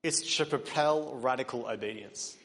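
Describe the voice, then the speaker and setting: A pastor preaches in a church hall, his mid-pitched voice trailing a long reverberant tail. At a moderate pace he speaks earnestly, building to emphatic peaks and then falling quiet again.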